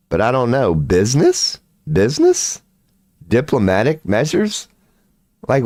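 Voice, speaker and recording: Deep-voiced man, profane sarcastic ramble. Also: a little mellow, no room sound, clean studio sound. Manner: profane, sarcastic, drawling Southern-style slang. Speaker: livestream host. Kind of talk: casual rambling livestream monologue.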